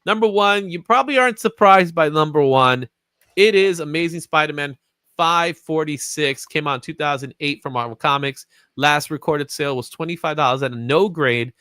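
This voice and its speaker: A man's voice: on the high side, moderate pace, sharp tone, clear, resonant tone, dry recording. A man hosting a comics market show, chatting casually and laughing often. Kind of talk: casual chat.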